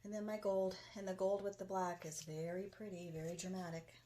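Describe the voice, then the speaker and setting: A woman's voice: mid-range voice, little pitch movement, a little fast, warm tone, slight background noise. A woman hosting a casual crafting tutorial, chatting enthusiastically while she works in her home studio. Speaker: craft video host.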